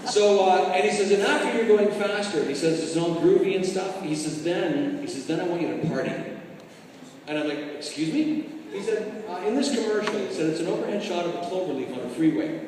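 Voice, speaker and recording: A man's voice: sits high, brisk, slight background noise. Man telling a story onstage, far and echoey. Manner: animated, acts out quoted voices and drum parts. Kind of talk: comic storytelling to a live audience. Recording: roomy hall from far off, music behind.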